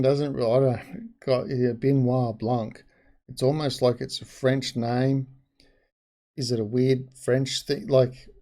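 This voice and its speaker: A man talks through his take on a film in a loose, chatty way, often restarting his sentences and wandering into asides. His voice has a mellow, dark tone. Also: mid-range voice. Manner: rambling, frank, with frequent restarts and asides. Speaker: movie reviewer. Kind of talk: casual spoken film review.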